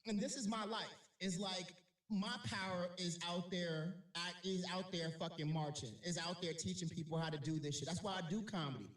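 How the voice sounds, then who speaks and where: A man's voice: sits high, steady tone, normal speed, fairly bright tone, far from the mic. A man, a comedian guest, talking animatedly in casual podcast chat, swearing and laughing often. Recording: echoey room, voice off mic.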